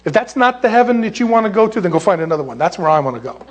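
A middle-aged man from California preaching a sermon as a pastor, jokey and animated, squealing when he acts out quotes. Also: sits high, rapid-fire.

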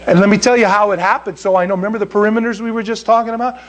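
Animated high-voiced older man preaching. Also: rapid-fire, few pauses. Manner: animated, emphatic, rises sharply when stressing a point. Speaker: pastor. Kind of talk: sermon storytelling.

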